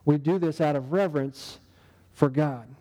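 A man's voice: fairly high pitch, moderate pace, mellow, big-room sound, low-quality recording. A man preaching a sermon in a conversational way, asking the congregation rhetorical questions. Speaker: pastor.

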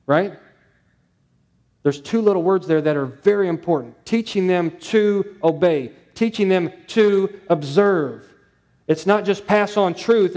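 A male pastor preaches a sermon in a high-pitched, slightly mellow voice. He drives his points home with repetition and rhetorical questions.

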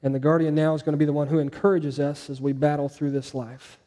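A man preaches a sermon at a fast clip, his animated delivery rising for quoted lines and dropping low and soft on key points.

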